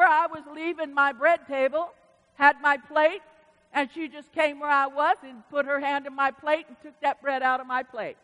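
Animated woman pastor preaching. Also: high-pitched, in a large hall. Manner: animated preaching, calling out to the church. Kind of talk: sermon. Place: church sanctuary.

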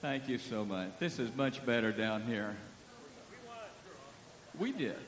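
Lively, folksy male preacher in a hall. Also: mid-range voice, slow pace. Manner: folksy, joking, leads the crowd. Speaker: guest preacher. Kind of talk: sermon. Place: church hall with a stage. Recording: echoey hall.

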